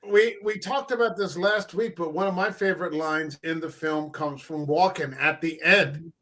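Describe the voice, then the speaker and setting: A man co-hosting a podcast who analyses film characters and their motives in relaxed conversation. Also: a little high, normal speed. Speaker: podcast co-host. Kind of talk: casual film discussion.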